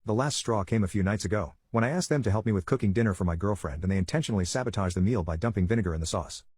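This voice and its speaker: A man reading online stories aloud in a rapid, steady read-aloud delivery. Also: on the low side, slightly rough, no room sound, clean studio sound. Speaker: story narrator.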